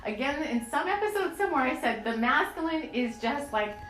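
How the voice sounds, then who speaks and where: A woman's voice: sits high, lively intonation, brisk. A woman hosting a spiritual podcast, talking in an earnest, rambling and emotional way with many fillers. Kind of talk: channeled spiritual podcast talk. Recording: echoey room with soft music.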